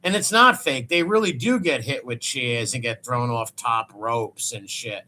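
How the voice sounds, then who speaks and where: A man's voice: medium pitch, a little slow, sharp tone. A man giving scornful, dismissive reaction commentary over a video.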